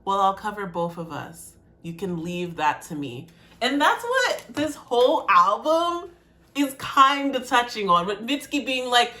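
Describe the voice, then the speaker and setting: A woman's voice: a little high, big pitch swings, measured pace, sharp tone. A woman poet reacting to a song in a casual video, emotional and repeating her phrases.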